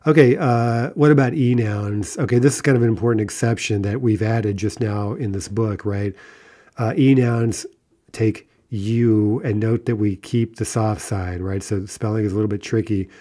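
A man teaching Russian grammar from a textbook, explaining step by step, often checking with "right?", and slowing down to say the example phrases carefully. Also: on the low side, steady tone, dark tone.

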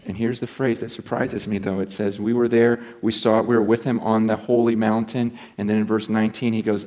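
A middle-aged man preaching a sermon as pastor, telling a story in an animated way and swinging between loud bursts and hushed asides. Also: medium pitch, brisk, hardly any pauses.

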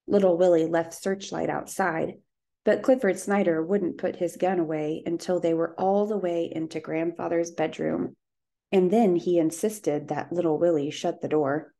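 Gravelly low-voiced woman reading a story. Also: fairly even intonation, normal speed, warm tone. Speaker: audiobook narrator.

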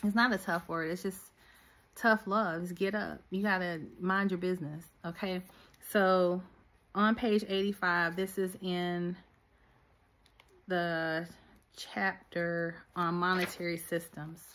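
A middle-aged woman minister and business coach preaching to her listeners in an animated, direct way. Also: on the low side, slow. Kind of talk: sermon-style teaching.

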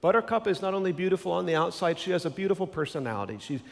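A male pastor preaching a sermon in a warm-hearted, conversational storytelling way, earnest as he builds his point. His voice sits on the high side for a man. Long reverb from the church sanctuary trails every phrase. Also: expressive, racing, creaky.

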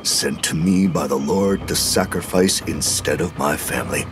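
Man voicing deep-voiced preaching zealot killer. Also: normal speed, noisy background. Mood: menacing. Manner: solemn preaching scripture. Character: zealous middle-aged male religious killer.

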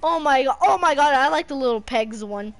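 A young woman playing a video game with a friend, yelling, swearing and joking. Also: sits high, lively intonation, a little fast, slight background noise. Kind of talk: casual gaming chat.

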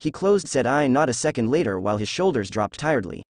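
A young man reading a fan-fiction story aloud at a steady, unhurried pace. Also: mid-range voice, dry recording, clean studio sound.

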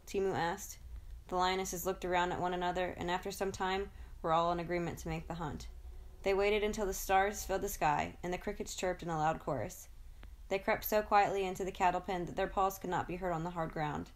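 A young woman reading a children's storybook aloud, giving each character a lightly lifted voice. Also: lowish voice. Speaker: storybook reader. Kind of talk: storybook narration.

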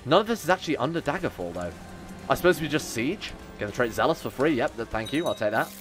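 While gaming live, this man talks fast in a medium-pitched voice, keeping up lively, casual narration full of jokes and free swearing as he answers chat. Faint music runs beneath him.

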